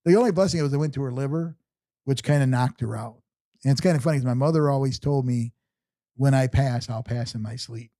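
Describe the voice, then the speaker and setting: A man's voice: medium pitch, a little fast, dark tone, dry recording. A man in his sixties, an interview guest telling long personal stories in an earnest, rambling way, often restarting sentences. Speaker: podcast guest. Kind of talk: casual storytelling interview.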